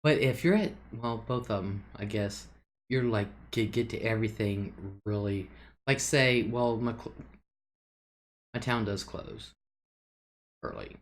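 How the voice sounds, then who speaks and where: A woman's voice: a bass voice, a little slow, long pauses. A woman hosting a casual livestream, chatting loosely, reading viewer comments aloud and laughing often. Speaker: livestream host.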